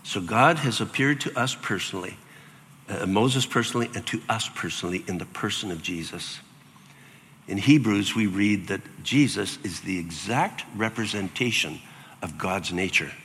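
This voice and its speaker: An older man preaching a sermon as pastor, animated and acting out voices with sudden jumps in pitch. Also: moderate pace, in a large hall, slight background noise.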